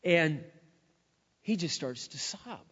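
Animated preacher man with wide-ranging pitch. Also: slow. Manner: animated, dramatic retelling with acted quotes. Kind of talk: storytelling sermon. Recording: dull lo-fi with long hall reverb.

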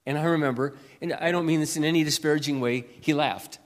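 A man preaching as a pastor, telling a personal story in an earnest way, then reading scripture slowly and loudly. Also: fairly high pitch, in a large hall.

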